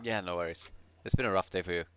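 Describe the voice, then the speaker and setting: A man's voice: sits low, fast, clean tone. A man playing a tabletop game in a laid-back way, often stumbling over his words. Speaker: player. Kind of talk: casual tabletop play. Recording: dull lo-fi sound.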